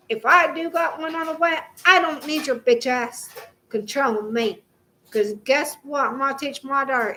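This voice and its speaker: A young woman with a high voice talks straight to the camera from her home in a heated, swearing rant that keeps circling back on itself. Faint room noise sits under her voice. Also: sharp tone, low-quality recording. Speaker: vlogger. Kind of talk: angry direct-to-camera rant.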